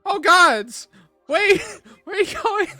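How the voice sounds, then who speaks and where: A man voicing a startled, jittery man on a ledge who blurts out flustered lines in a strained high voice. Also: takes it slowly, fairly bright tone, no room sound, heavily acted. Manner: squeaky, flustered outbursts.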